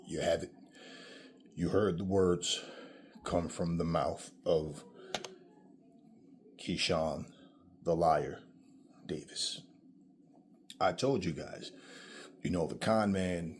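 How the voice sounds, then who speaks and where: A man's voice: low-pitched, slight background noise. A man giving a blunt, profane commentary rant straight to his own camera, preaching at his viewers. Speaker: commentary vlogger. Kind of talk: casual ranting commentary.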